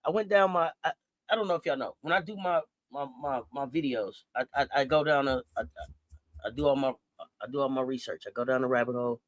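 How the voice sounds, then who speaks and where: A man co-hosting a casual basketball talk show, animated and playful, repeating himself as he restarts thoughts. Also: medium pitch, fast, dry recording. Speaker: podcast co-host. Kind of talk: casual sports chat.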